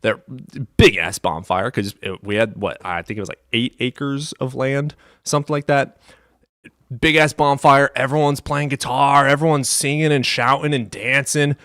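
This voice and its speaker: A man from the US Midwest live streaming, chatting in a profane, animated way that swings between loud outbursts and low mutters. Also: moderate pace, no room sound, studio quality. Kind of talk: casual livestream chat.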